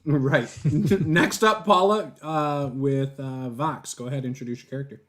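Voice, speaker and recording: A man hosting a tabletop game as game master, introducing players in a relaxed, joking way. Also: medium pitch, measured pace.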